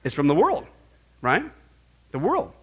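A man preaching a sermon to his congregation, animated and joking, firing off rhetorical questions. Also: a little high, unhurried, slightly rough, lo-fi sound. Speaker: pastor.

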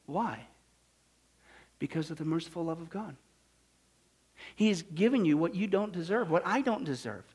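A male pastor preaching a sermon, swinging from hushed, low lines to loud, emphatic ones. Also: expressive, normal speed, pauses often, breathy edge.

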